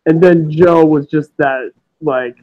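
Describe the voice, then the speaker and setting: A young man hosting a wrestling podcast, his high voice rushing through excited, profane chatter. The recording sounds dull and lo-fi, like a cheap home setup. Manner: excitable, fast, swears, mimics wrestlers. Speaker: podcast host. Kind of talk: casual wrestling chat.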